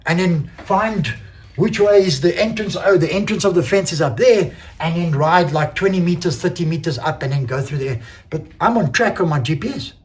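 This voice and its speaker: A man, an enduro racer casually recounting a race, animated, swearing freely and acting out quoted exchanges. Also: fairly high pitch, normal speed. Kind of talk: casual race recap storytelling.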